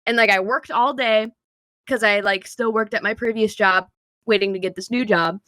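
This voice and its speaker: A young woman co-hosting a podcast, telling a long story in a rambling, filler-heavy, animated way. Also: medium pitch, normal speed, no echo. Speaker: podcast co-host. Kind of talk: casual storytelling chat.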